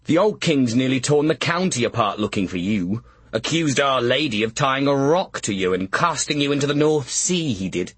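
A man's voice: mid-range voice, expressive, moderate pace, a bit bright, breathy edge, dry recording. A man doing a blustering castle sentry. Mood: scolding. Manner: blustering, scolding. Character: gruff male castle sentry, blunt and brusque.

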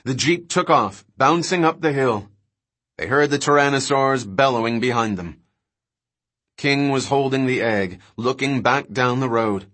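A man narrating an audiobook in a steady, dramatic reading. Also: medium pitch, unhurried. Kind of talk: scripted narration.

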